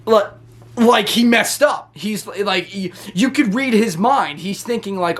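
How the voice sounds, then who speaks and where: Brief: high-pitched male wrestling reviewer, excitable, rambling casual recap. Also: a little slow. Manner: excitable, rambling with many restarts.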